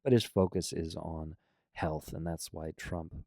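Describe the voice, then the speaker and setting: A man's voice: very deep voice, steady tone, a little slow, a little mellow, no room sound. A man hosting a political reaction commentary, arguing bluntly and emphatically against what he has just played. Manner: blunt, argumentative, emphatic rebuttals.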